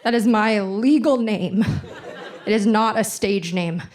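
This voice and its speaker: A young woman in her twenties doing a stand-up comedy set on a theater stage, telling stories in a deadpan, self-deprecating way. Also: mid-range voice, measured pace.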